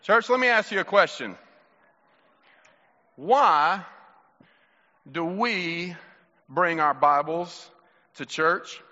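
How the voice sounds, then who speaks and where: In a church sanctuary, a pastor puts playful questions to the kids at a children's sermon. His fairly high voice is expressive and pushed, bright, with drawn-out words and long pauses, all captured in a muffled recording heavy with reverb.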